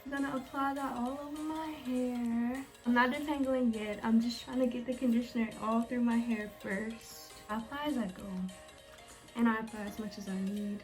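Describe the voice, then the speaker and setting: A woman's voice: a little high, fairly even intonation, moderate pace, faint music behind. A young woman chatting casually to her viewers as she walks them through her hair-care routine. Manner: chatty, talks straight to viewers. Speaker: beauty vlogger.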